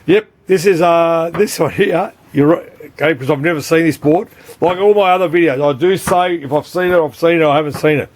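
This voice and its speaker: Australian man, somewhat high voice, casual, rambling, swears a lot. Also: brisk. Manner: rambling, swears often, keeps saying "mate". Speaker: arcade board repairer. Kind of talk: casual unscripted video chat.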